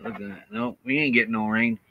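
A man co-hosting a travel live stream, chatting casually outdoors at a campsite, laid-back and quick to laugh. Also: mid-range voice, big pitch swings, vocal fry, phone-quality sound, background noise. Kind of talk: casual chat.

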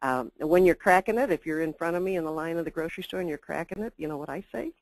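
A woman's voice: low voice, animated, fast talker, dry recording, poor audio. An older woman giving a chatty, emphatic customer service webinar talk with asides. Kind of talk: webinar presentation.

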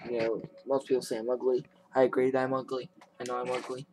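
A man's voice: mid-range voice, little pitch movement, fast, darkish tone. A man giving casual gameplay commentary in a goofy, rambling, self-mocking way. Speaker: gaming YouTuber.

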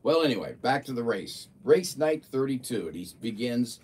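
Lively-voiced man, talking from off the mic. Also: medium pitch, normal speed, hardly any pauses, recorded from a distance, slight background noise. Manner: chatty, amused, playful mimicking of voices. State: a bit of a frog in his throat. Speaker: livestream host. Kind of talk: casual chat and reading a viewer's report aloud.

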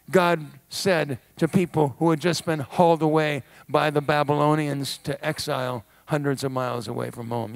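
Man, middle-aged, preacher, high voice, dry close sound, animated sermon. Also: normal speed, creaky, dry recording. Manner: animated, wry asides, laughs while preaching. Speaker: guest pastor. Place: church sanctuary.

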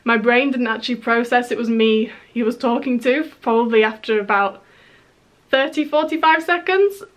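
A young woman from England chatting excitedly in a storytime vlog, full of fillers and restarts. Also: on the high side, moderate pace, poor audio. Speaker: YouTuber.

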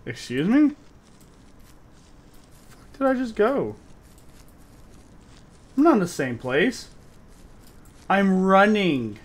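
A man's voice: high-pitched, big pitch swings, takes it slowly, pauses often. A young man streaming a horror game and chatting casually with his viewers, swearing often. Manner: swears a lot, chats with viewers. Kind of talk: casual gameplay commentary.

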